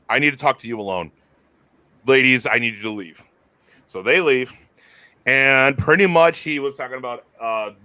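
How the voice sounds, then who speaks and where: Bright, excitable guy reviewing wrestling. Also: mid-range voice, clean tone, no echo. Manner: excitable, rambling, restarts often. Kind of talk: casual podcast chat.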